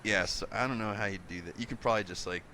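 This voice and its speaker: A man's voice: lowish voice, fast talker, crowd noise. A man running a tabletop game as game master, loose and joking, laughing often.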